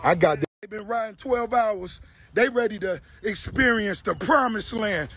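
A middle-aged man chatting casually and excitedly outdoors on a farm, cooing affectionately at his animals and hyping them up in heavy slang. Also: high-pitched, fairly quick, a little hiss or hum. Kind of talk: casual hype chat. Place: outdoors on a large farm by a gate.

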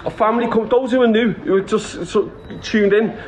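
A man's voice: sits high, fairly even intonation, fairly quick, a little mellow. A Liverpudlian man live-streaming a street confrontation on his phone, blunt and swearing. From Liverpool, England.

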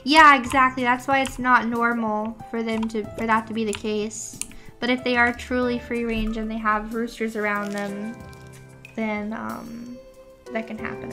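A young woman with a high, unhurried voice chats playfully with her stream while she plays. She sounds sleepy and drops gamer slang. Game music runs steadily behind her, and keys click now and then. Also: pushed and bright. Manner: chatty, playful, answers chat, gamer slang. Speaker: VTuber streamer. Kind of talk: casual gameplay chat.

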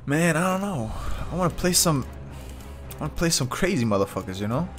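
A man giving casual, excitable, profane commentary while playing online ranked fighting-game matches. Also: a little high, brisk. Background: fighting game music and sound effects.

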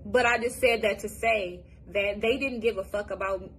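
A young woman from Michigan, USA, shares a casual personal testimony on camera, swearing freely and speaking bluntly, with frequent halts and restarts. Her voice is mid-range and steady, with slight background noise.

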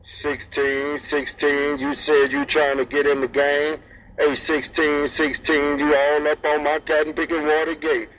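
A man's voice: a little high, little pitch movement, unhurried, a bit bright, slight background noise, poor audio. A man chatting over CB radio in a sing-song, repetitive rhythm, repeating call signs and friendly sign-offs. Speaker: CB radio operator. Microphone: CB radio handset.

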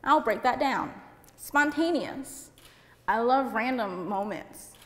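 Loud chatty woman speaking in a reverberant hall. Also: on the high side, expressive, slow pace. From Puerto Rico. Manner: chatty, lots of "like". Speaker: seminar speaker. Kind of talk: seminar talk to photographers. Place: seminar room with an audience. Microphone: handheld mic.

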